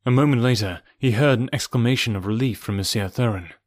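A man reading a novel aloud as narrator, in a measured, somber way. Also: medium pitch, a little mellow, dry recording, studio quality. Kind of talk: audiobook narration.

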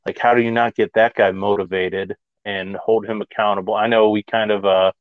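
A man hosting a casual sports talk show, measured and thoughtful. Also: on the low side, little pitch movement, dry recording, narrow, tinny audio. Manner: measured, with fillers. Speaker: podcast host.

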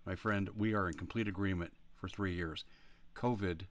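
A man with a low voice hosts a talk show in a loose, rambling way. He speaks bluntly and with emphasis, as if chatting with listeners. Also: steady tone, normal speed. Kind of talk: casual political talk.

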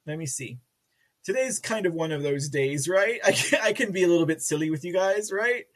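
A man's voice: high-pitched, a little fast. Giggly rambling livestream man. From Texas. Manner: giggly, rambling, self-mocking. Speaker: livestream host reading chat. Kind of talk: casual live commentary.

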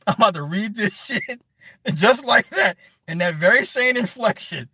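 A man's voice: high-pitched, animated, normal speed, bright, forceful tone, slightly rough, no echo. A man delivering a heated, profane, rambling rant as a live streamer talking to his chat. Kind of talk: ranting commentary to a live chat.

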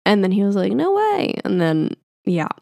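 Young woman, casual storytime, filler-heavy chatter, gravelly fry, dry close sound. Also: mid-range voice, fairly even intonation, normal speed, darkish tone, no room sound. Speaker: vlogger telling a personal story.

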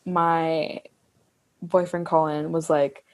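A woman's voice: sits low, little pitch movement, slow. A woman co-hosting a music podcast in casual chat, effusive and laughing often, with some swearing. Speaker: podcast co-host.

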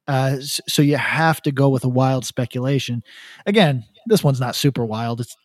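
A man's voice: mid-range voice, moderate pace, no room sound, studio quality. A man co-hosting a podcast in casual chat, rambling and profane, stumbling over restarts. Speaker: podcast co-host.

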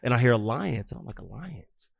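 Man, thirties, podcast guest, animated storyteller, acts out voices, mid-pitched, dry close sound. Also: moderate pace, no room sound. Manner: animated, acts out dialogue in his stories, filler-heavy. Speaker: youth football coach and guest. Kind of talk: casual interview storytelling.

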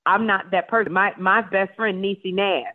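A woman talk show host, a guest in a casual radio interview, telling stories in a playful, animated way. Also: medium pitch, normal speed. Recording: tinny phone line.

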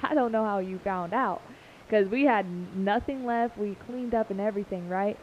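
A woman's voice: mid-range voice, moderate pace. A young adult woman chatting on her dad's family podcast, a giggly, rambling storyteller who fills with "like" and "um". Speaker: podcast guest, host's daughter. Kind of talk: casual family podcast chat. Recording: muffled lo-fi with faint hiss.

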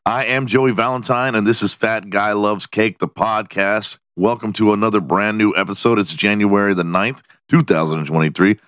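Man, podcast host, very low voice, profane, joking, dry close sound. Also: fairly even intonation, moderate pace, few pauses, fairly bright tone, smooth, no room sound. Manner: profane, joking, laughs at his own jokes. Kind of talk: casual solo podcast monologue.

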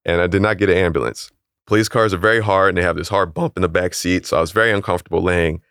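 A young man calmly and plainly recounting a personal story in a casual interview. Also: sits low, rapid-fire, smooth, no echo, studio quality. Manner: calm, matter-of-fact, chuckles at odd details.

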